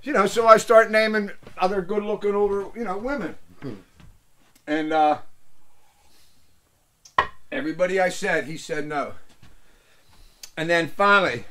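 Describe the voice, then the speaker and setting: An older man with a fairly high voice, hosting his own show and spinning rambling, salty barroom tales. He loses his place mid-story and laughs at his own jokes. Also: normal speed, long pauses, pushed and bright. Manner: salty, rambling anecdotes that lose the thread. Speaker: show host and musician.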